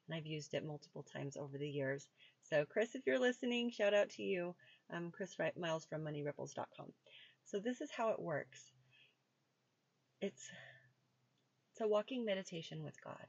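A woman hosts her podcast in a relaxed, chatty way, her voice low and a little gravelly. When she leads the meditation she turns soft-spoken and slow. The recording is dry, close and a bit dull. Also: dry recording. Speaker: podcast host. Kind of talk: casual podcast talk and guided meditation.

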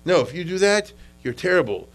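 A man's voice: sits high, sing-song, fairly quick, poor audio. A man lecturing on history in a loose, conversational way. He repeats words as he gathers his thoughts and keeps asking whether his listeners follow. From United States. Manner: conversational, checks in with "okay?" and "you understand?"; frequent restarts and repetitions.

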